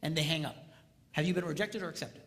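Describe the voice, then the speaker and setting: An older man giving a seminar talk on marriage, animated and acting out voices as he tells stories. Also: fairly high pitch, fast, long reverb tail. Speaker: speaker on marriage.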